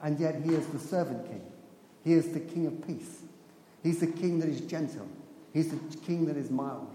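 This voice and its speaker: A man delivers a sermon in a lively storytelling manner, stopping now and then to laugh at his own asides. His voice sits high for a man. It rings out through a large hall with a long, echoing reverb. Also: moderate pace, slight background noise. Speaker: preacher.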